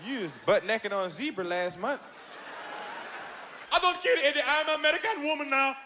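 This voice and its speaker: A man's voice: very high voice, lively intonation, normal speed, pushed and bright, some chatter behind, slight background noise, exaggerated voice. A male stand-up comedian acting out a young foreign wife who has become demanding and complains to her husband. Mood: complaining. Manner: whiny, complaining, raised pleading calls.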